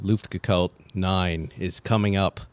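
A man's voice: deep voice, measured pace, clean tone, no echo. A man co-hosting a casual talk show, telling stories and acting out the other people's lines as he goes. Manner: animated storyteller acting out quoted voices. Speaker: podcast co-host. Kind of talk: casual chat, storytelling.

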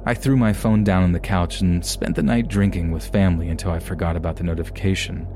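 Deep-voiced man narrating horror stories. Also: fairly even intonation, fast talker, noisy background. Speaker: podcast narrator. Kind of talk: scripted narration of submitted stories.

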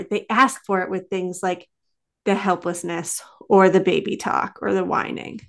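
A woman's voice: mid-range voice, fairly even intonation, unhurried. A woman in her thirties talking earnestly in a casual conversation, telling stories with many fillers. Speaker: parenting guest.

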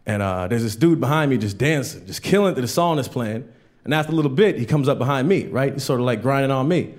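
A man's voice: medium pitch, animated, fast talker, darkish tone. A man doing a stand-up comedy set on stage, telling stories and acting out other people's voices. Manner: storytelling, acts out characters in raised voices. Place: comedy stage with live audience.

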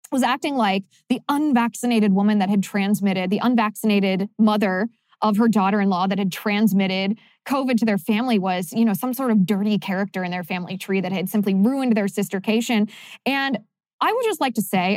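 A woman's voice: mid-range voice, a little mellow, no echo, studio quality. A young woman hosting a podcast, delivering an opinionated monologue in a sarcastic, emphatic way. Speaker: podcast host.

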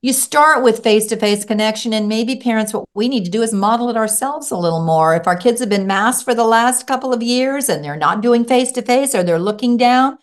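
Middle-aged woman, parenting expert guest, animated storyteller who acts out the voices she quotes. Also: brisk, hardly any pauses. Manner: acts out quotes with big pitch jumps.

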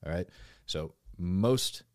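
A man's voice: low-pitched, lively intonation, slow, dry recording, clean studio sound. A man hosting a casual podcast, explaining things while he draws on a map. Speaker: podcast host.

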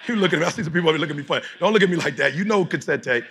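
Husky, high-voiced preaching man. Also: lively intonation, rapid-fire. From Detroit, United States. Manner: preachy, call-and-response, often shouting. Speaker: motivational speaker. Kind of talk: motivational speech to a live audience.

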